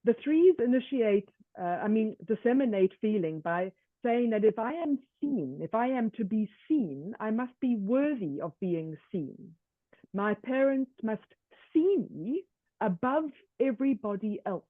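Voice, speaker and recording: A woman presenting a workshop lecture in a measured way, often slipping into first-person examples. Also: on the high side, sing-song, dry recording. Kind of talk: online lecture. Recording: tinny dry call audio.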